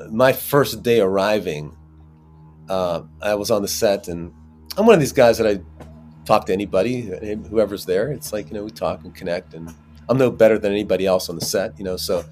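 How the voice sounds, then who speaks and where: A man being interviewed as an actor, telling rambling, animated anecdotes with many fillers. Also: fairly low pitch. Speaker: actor guest. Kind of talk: casual interview storytelling.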